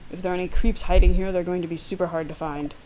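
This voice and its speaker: A woman's voice: lowish voice, fairly even intonation, quick pace, background noise. A woman hosting a let's-play at home, reading game narration and chatting with self-deprecating, dry humor. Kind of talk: casual game narration and commentary.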